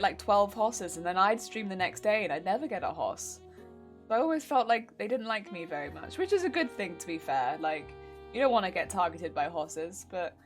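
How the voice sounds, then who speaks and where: A woman streamer chatting casually with her live chat while crafting, laughing often, her weak voice cracking when her pitch changes. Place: home crafting stream setup.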